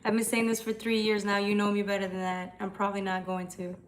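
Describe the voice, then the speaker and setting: A woman's voice: medium pitch, monotone, quick pace, slight background noise. A young woman hosting a tarot livestream, chatting casually and answering comments, with some swearing.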